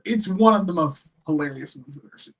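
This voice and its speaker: A man co-hosting a laid-back chat about wrestling, his voice sitting a bit higher than most. He rambles from thought to thought and leans on a steady stream of fillers. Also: fast talker. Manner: rambling, filler-heavy, chatty. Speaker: co-host. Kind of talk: casual chat.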